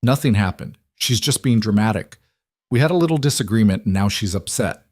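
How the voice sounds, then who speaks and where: A man's voice: lowish voice, animated, brisk, darkish tone, dry recording, clean studio sound. A man voicing a bitter, dismissive divorced mother who snaps her lines curtly. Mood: sharp dismissive. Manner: snappish, curt.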